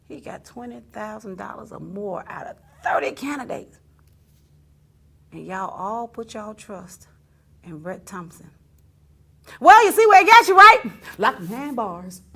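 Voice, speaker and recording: Lively, high-pitched talk show host woman. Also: slightly rough. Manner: laughing often, mimicking others in quotes, exclaiming. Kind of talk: animated storytelling monologue.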